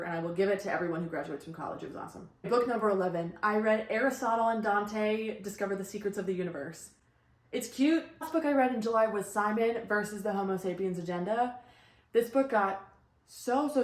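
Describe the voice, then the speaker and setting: A young woman giving casual, blunt book reviews in a vlog, upbeat with quick asides. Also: mid-range voice. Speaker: book vlogger. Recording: echoey room.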